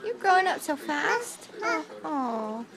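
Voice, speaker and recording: A young mother coos at her toddler in very high, swooping baby talk, drawn out very slowly. Her voice slips into a gravelly fry at the ends of phrases. Other voices are clearly heard in the background of the home video. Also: very animated, over a noisy crowd. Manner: sing-song, cooing and praising, repeats words for the child.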